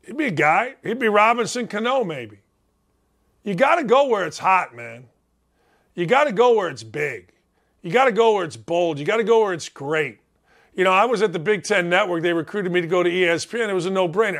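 A man's voice: high-pitched, expressive, brisk, fairly bright tone. Brash ranting sports talk man. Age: 50s. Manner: brash, emphatic, repetitive ranting.

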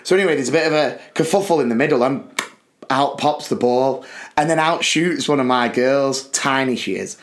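A man, a podcast co-host and school sports coach, telling a story in an animated chat and acting out excited shouts. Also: mid-range voice, moderate pace.

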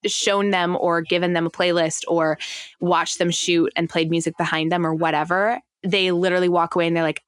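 A woman's voice: on the low side, brisk, a bit bright, dry recording. A woman co-hosting a podcast in casual chat, emphatic and full of "like" fillers. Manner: chatty, many "like" fillers, emphatic. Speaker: podcast co-host.

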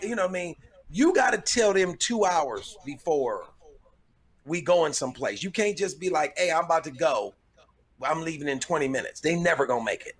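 A man's voice: a little high, fairly bright tone. A man comedian in casual conversation who rambles, restarts his sentences and brags with humor. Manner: rambling, self-correcting, boastful humor. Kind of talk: casual podcast chat.

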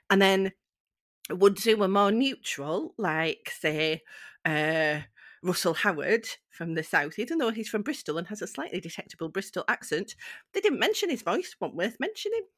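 A woman's voice: mid-range voice, a bit bright, dry recording, clean studio sound. A woman from Bradford with a Bradford accent tinged with Northeast vowels, a stand-up poet speaking thoughtfully and emphatically in a podcast discussion. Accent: Bradford with Northeast English vowels. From Bradford, England.

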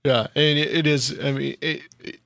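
A man in casual chat as a guest on a podcast, speaking haltingly with many restarts. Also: medium pitch, fairly even intonation, vocal fry, fairly bright tone, no echo, studio quality.

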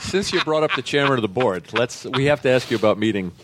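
A man's voice: mid-range voice, lively intonation, fast talker, noisy background. A man co-hosting an interview, prompting the guest with eager questions. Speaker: podcast co-host. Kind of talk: casual interview chat.

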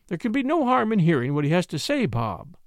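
A man's voice: high voice, huge pitch swings, fairly quick, no room sound, full character voice. A merry young widow with a raised, sing-song lift in her voice, as a male audiobook narrator puts her on. She sounds amused and gay. The recording is dry and close.

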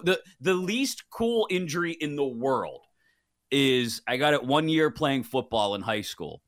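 A man's voice: medium pitch, a bit bright, no room sound, clean studio sound. A man filling in as co-host, chatting casually and telling self-deprecating stories with frequent laughs. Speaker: fill-in co-host. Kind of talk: casual chat.

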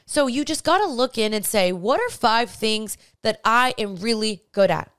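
A woman's voice: fairly high pitch, animated, moderate pace, a bit bright, clear, resonant tone, no echo, clean studio sound. A young woman hosting a podcast, giving earnest, chatty faith-based advice straight to her listeners. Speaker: podcast host.

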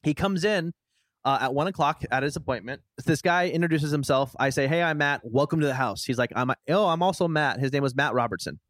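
Animated young man telling a story. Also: mid-range voice, fairly quick, no echo. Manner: rambling, animated storyteller with restarts. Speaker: podcast host. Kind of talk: casual storytelling chat.

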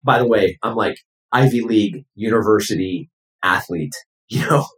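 A man with a low voice tells family stories in an easygoing, animated way, switching into quoted voices as he goes. The room around him sounds echoey and open. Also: normal speed. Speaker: guest. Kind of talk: casual storytelling.

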